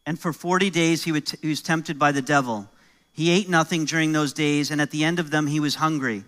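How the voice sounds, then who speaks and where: Bright-voiced american pastor preaching. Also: male voice, fairly high pitch, steady tone, a little fast. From New York. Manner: conversational preaching with jokes and rising emphasis. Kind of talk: sermon.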